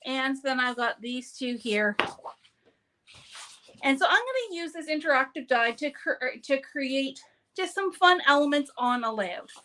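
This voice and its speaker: A woman's voice: high voice, lively intonation, a little slow, sharp tone, a little hiss or hum. A woman hosting a live papercraft demonstration, talking in a chatty, upbeat way and often breaking off mid-sentence. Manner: chatty, upbeat, self-interrupting.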